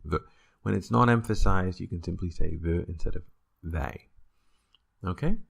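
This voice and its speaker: A man's voice: low voice, normal speed, vocal fry, breathy edge. A man teaching a casual language lesson on video, explaining patiently with small restarts and the odd playful joke. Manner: relaxed explaining, with fillers and corrections.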